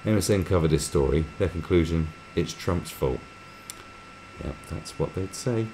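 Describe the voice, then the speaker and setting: A man's voice: low voice, normal speed, dark tone, slight background noise. A man hosting a live stream, reading viewer comments aloud and mocking them in a crude, sarcastic way.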